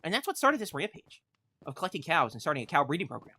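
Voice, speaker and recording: Theatrical, animated woman streamer storyteller. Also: deep voice, fast, husky. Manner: theatrical, swings between loud declarations and hushed asides, laughs often. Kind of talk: mock-epic storytelling on a game livestream.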